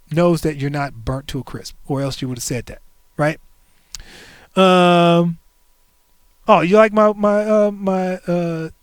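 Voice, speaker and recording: Stream host, man in his 40s, higher pitch, playful and joking, dry close sound. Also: dry recording. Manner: playful, joking, animated asides to chat. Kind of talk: casual livestream chat.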